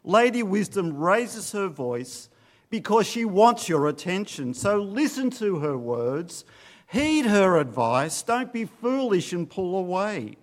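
A man preaching a sermon, swinging between loud urging and low, hushed warnings. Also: very animated, slow. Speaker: pastor.

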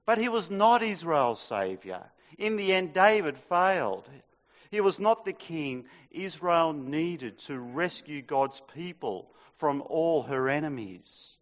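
A man preaches a sermon in a church, reading scripture aloud and lifting his voice dramatically at the quoted cries. His voice sits somewhat high, and a long reverb trails off the walls. The sound is muffled and dull. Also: lively intonation, slow, a bit bright.

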